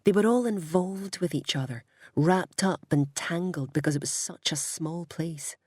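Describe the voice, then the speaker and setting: A woman reading a story aloud in a calm, unhurried narration. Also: on the low side, breathy edge, no echo, studio quality. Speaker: audiobook reader.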